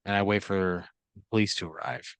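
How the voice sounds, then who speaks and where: A man taking part as a player in an improvised story game, thinking out loud and swearing in disbelief. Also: deep voice, fairly even intonation, a little fast, smooth, dry recording. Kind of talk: casual improvised role-play.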